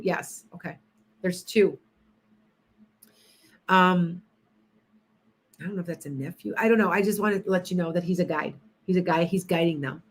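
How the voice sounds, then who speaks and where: A woman's voice: medium pitch, fairly bright tone, a little hiss or hum. A woman hosting a casual psychic livestream, chatting with viewers by name and often restarting her sentences.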